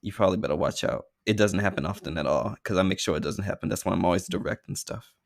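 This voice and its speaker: A man's voice: sits low, quick pace, gravelly. A man co-hosting a podcast in casual chat, frank and joking. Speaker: podcast co-host.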